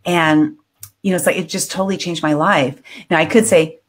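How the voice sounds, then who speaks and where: A woman's voice: low voice, fairly even intonation, normal speed, breathy edge. A woman in her fifties hosting an interview, chatting enthusiastically and laughing often. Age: 50s. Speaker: podcast host. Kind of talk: casual interview chat.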